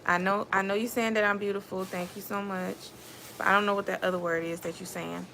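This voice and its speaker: A woman's voice: medium pitch, level tone, a little fast, vocal fry, bright, forceful tone, a little hiss or hum. Give me a chatty woman, live-streaming casually from home. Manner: chatty, addresses viewers as y'all.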